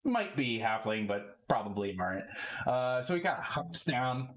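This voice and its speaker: A man's voice: medium pitch, very animated, moderate pace, fairly bright tone. A man narrating as game master in a tabletop role-playing game, talking in a rambling way and laughing often.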